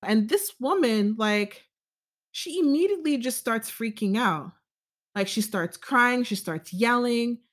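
A woman vlogger telling a story to camera in a casual, measured way, with frequent fillers and self-corrections. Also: on the high side, animated.

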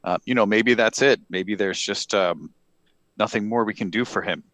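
Low-voiced rambling podcast man. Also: moderate pace, dry recording. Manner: rambling deadpan ad reads, many fillers. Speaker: comedy podcast co-host. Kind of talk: improvised comedy podcast banter.

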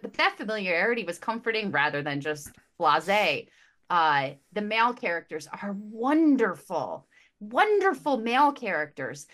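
A woman in a casual book chat, speaking at a mid pitch for a woman. She gushes and is emotionally expressive, trips over her own words and repeats herself as her thoughts race ahead. She talks like a panelist among friends. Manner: quick restarts and repeated words. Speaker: podcast panelist.

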